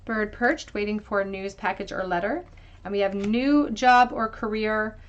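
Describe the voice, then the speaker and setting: A woman talks viewers through a tarot pick-a-card reading in a gentle, reassuring way. She thinks out loud as she turns the cards, with frequent ums, in a voice of ordinary middle pitch. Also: normal speed, smooth, highs cut off. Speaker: tarot reader.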